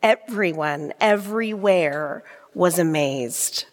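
A woman reading a nativity story aloud in a church, gentle and repetitive in her storytelling. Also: on the low side, slow. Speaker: scripture storyteller. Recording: long church-hall reverb.

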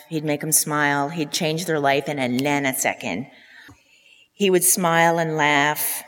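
A woman's voice: deep voice, fairly bright tone, in a large hall. A woman in her fifties from Newfoundland giving a eulogy for her father, telling heartfelt stories with fond asides. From Newfoundland, Canada. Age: 50s. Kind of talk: funeral eulogy. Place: funeral hall.

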